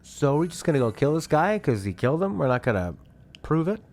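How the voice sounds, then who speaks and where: A man's voice: on the high side, sing-song, fairly quick, a little mellow. A man streaming a game, chatting casually and musing aloud about what he sees. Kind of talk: casual gameplay commentary.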